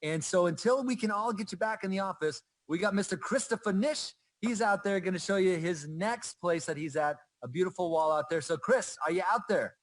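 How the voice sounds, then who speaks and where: Upbeat male host, middle-aged, slightly high voice, dry close sound, playful and jokey. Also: brisk, hardly any pauses, dry recording. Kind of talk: upbeat livestream presenting.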